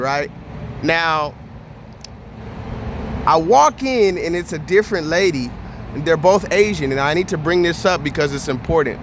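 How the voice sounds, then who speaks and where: Male vlogger with a high voice, blunt and profane, ranting with animated storytelling, light background noise. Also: measured pace, pauses often. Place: Houston area.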